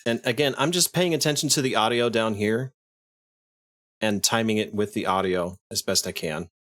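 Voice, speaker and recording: A man's voice: lowish voice, normal speed, a bit bright. Man casually talking through an edit. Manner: thinks aloud, restarts, chuckles. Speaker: streamer explaining video editing. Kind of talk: casual screen-share tutorial.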